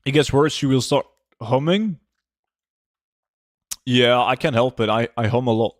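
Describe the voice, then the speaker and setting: A relaxed man, chatting on a game livestream in a middle-of-the-range voice. He talks loosely, full of little fillers. The sound is dry and close, with no room around it. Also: medium pitch, unhurried, dry recording. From Norway. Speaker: game streamer. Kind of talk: casual livestream chat, reading chat aloud.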